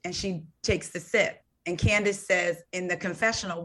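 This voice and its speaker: Low-voiced woman recounting a story. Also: moderate pace. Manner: animated storytelling, recounting events. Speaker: podcast guest. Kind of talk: casual podcast conversation.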